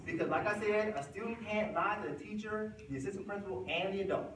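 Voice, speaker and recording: A man who works as an assistant principal gives an informal, animated talk to a group of parents and acts out the voices of the people in his stories. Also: high-pitched, quick pace. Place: room with an audience. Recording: echoey room recorded from a distance, noisy.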